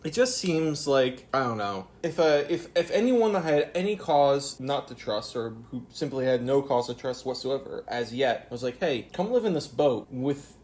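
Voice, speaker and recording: A man's voice: mid-range voice, animated, a little mellow. Male TV reviewer, casual solo vlog, wry and rambling, mid-range voice. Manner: rambling, sarcastic, self-questioning; mimics characters in quick put-on voices.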